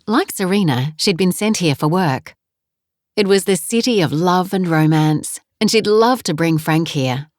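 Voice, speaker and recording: A woman narrating a romance novel in a calm, even storytelling manner on a close studio mic. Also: lowish voice, no room sound. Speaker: audiobook narrator. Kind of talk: scripted narration.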